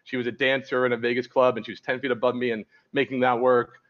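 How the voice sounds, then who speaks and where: A man's voice: medium pitch, level tone, fast, highs cut off. A man, a dating coach, talking candidly as a podcast guest and rambling through stories with many restarts. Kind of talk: casual podcast interview.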